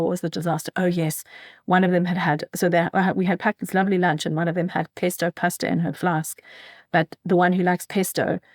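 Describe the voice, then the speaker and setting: A woman hosting a solo podcast, talking in a candid, thoughtful way with frequent pauses and self-corrections. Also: lowish voice, no echo, clean studio sound. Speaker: podcast host. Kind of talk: reflective solo podcast monologue.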